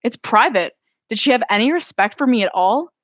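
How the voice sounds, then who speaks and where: A woman author reading her own novel aloud in a steady first-person narration during a live stream. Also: fairly high pitch, a little fast, no room sound.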